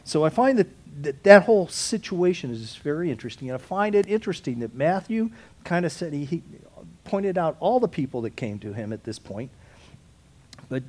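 A man's voice: a little high, darkish tone. A man teaching a Bible study, talking through the text conversationally, with restarts and asides and rising to emphatic peaks. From United States.

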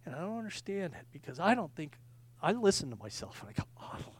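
A male pastor preaching a sermon, earnest, swinging from loud emphatic lines to quiet confiding ones, often repeating words and restarting sentences. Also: high-pitched, sing-song, fast, husky.

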